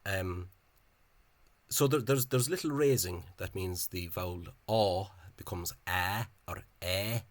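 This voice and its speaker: A man's voice: low-pitched, takes it slowly, no room sound. A man giving an informal, digressive explanation in a video, thinking aloud in a scholarly way. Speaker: Irish-language spelling enthusiast.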